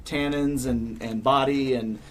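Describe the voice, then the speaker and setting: A man with a mid-pitched voice talks plainly as a guest in a relaxed panel chat, self-deprecating and easygoing. Faint hiss behind him. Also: unhurried.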